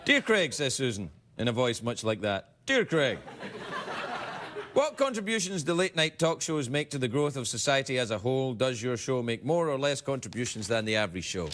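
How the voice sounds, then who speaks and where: Lively joking talk show host. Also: male voice, mid-range voice, fairly quick, hardly any pauses, background noise. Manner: joking, rambling, animated delivery. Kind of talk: comic monologue and reading viewer emails. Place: television studio with live audience. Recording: broadcast studio with loud audience laughter.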